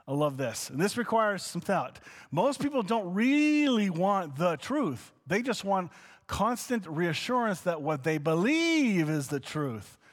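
A man with a fairly high voice delivers a conversational teaching sermon. He talks casually, sliding between quiet asides and bursts of excitement. His voice carries a long hall reverb. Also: a little slow. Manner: animated, conversational, swings between soft asides and excited exclamations. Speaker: pastor.

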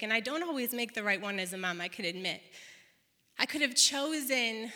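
A woman's voice: a little high, sharp tone. A woman in her thirties preaching a sermon, chatty and laughing now and then as she tells a family story. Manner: chatty, laughs often while telling stories. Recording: long hall reverb.

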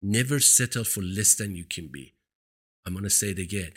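Talk show host, male, non-native English with an accent; slightly low, husky voice; earnest, emphatic motivational delivery. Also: lively intonation, moderate pace, fairly bright tone. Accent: foreign. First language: not English. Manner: earnest, emphatic, repeats points for stress. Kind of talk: motivational monologue. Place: seated indoors. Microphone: studio microphone.

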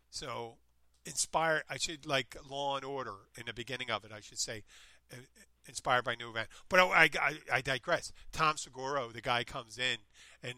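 A man's voice: mid-range voice, no echo. A man in casual chat, telling stories in a meandering way and often interrupting himself. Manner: meandering, self-interrupting, animated retelling. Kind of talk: casual chat, rambling storytelling.

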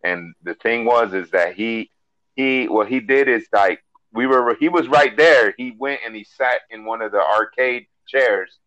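A Miami-accented man co-hosts a casual podcast, telling stories in a loose, profane, animated rush of fillers and restarts. His voice sits in an ordinary male middle register. It is recorded on a close, dry mic with little room sound. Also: medium pitch, a little slow, dry recording, rough recording. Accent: Miami English. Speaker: podcast co-host.

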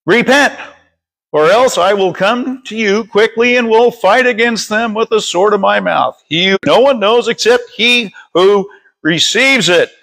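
A man leading a Bible study, reading scripture aloud slowly and stumbling over words, then stopping to teach. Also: high-pitched, gravelly, a bit bright, low-quality recording. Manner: reads slowly with frequent stumbles and self-corrections. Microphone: streaming over Wi-Fi.

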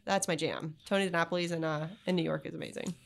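A woman's voice: deep voice, steady tone, gravelly. A woman in her thirties, a food blogger guest telling bubbly stories in a casual podcast chat in a studio. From Florida. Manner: bubbly, quick storytelling with many fillers.

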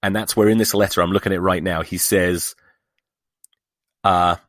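A sweary man hosts his own podcast in a lowish voice, dripping with sarcasm and exasperation. The recording is dry and close, with no room sound around him. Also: fairly even intonation, moderate pace, a bit bright, no room sound. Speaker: podcast host. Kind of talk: solo podcast rant.

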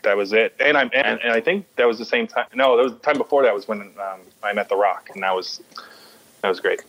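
A man's voice: fairly low pitch, lo-fi sound. A man telling a story in casual chat, often stalling and restarting his sentences and swearing a lot. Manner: halting, stammering restarts, heavy swearing.

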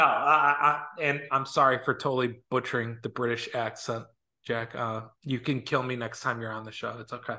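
A man co-hosting a podcast in casual sports chat, animated, joking and emphatic. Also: medium pitch, normal speed. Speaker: podcast co-host. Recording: roomy echo.

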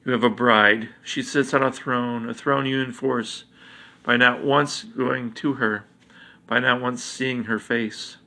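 A cold, arrogant boy god who calmly lays bare the secrets of others, read by a man in a storybook. The voice is flat and gravelly with a bright edge, and it stays level and measured. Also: mid-range voice. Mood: menacing.

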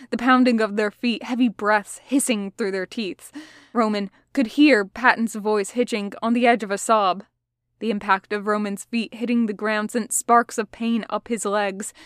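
A woman reading fan fiction aloud as audiobook narration, steady and picking up pace in tense passages. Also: medium pitch, dry recording, clean studio sound. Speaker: podfic reader.

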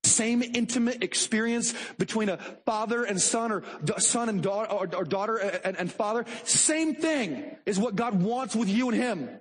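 A man preaching a sermon in an animated, dramatic way, swinging between loud pleading and soft tones. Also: sits high, moderate pace, few pauses. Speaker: pastor.

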